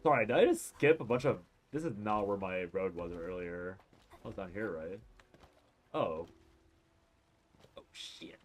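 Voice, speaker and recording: A man's voice: lowish voice, brisk. A man streaming a game, chatting casually and rambling with jokes, swearing and frequent laughter while tired and yawning. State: sleepy, yawning. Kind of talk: casual live-stream commentary while playing.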